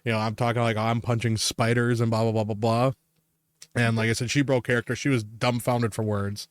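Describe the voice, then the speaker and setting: A man's voice: medium pitch, flat delivery, a little fast, no echo, studio quality. Profane, laughing man telling stories. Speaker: podcast co-host. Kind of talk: casual storytelling chat.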